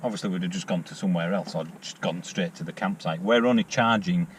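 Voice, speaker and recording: A man's voice: sits low, quick pace. Jokey English man vlogging outdoors. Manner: chatty, jokey, laughs often. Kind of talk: casual vlog chat. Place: outdoors at a car charging spot. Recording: noisy outdoor recording with traffic.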